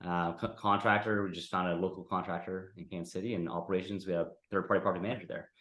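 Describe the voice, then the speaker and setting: Low-voiced man teaching a casual class. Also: steady tone, rapid-fire, a bit bright, roomy sound. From United States. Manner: conversational, lots of "right?" and "like". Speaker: real estate investing instructor.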